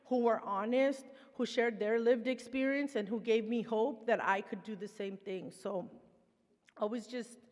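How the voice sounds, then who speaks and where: A woman's voice: mid-range voice, long reverb tail. A woman giving a conversational, heartfelt presentation as a recovery program participant. Her talk is loose and full of fillers.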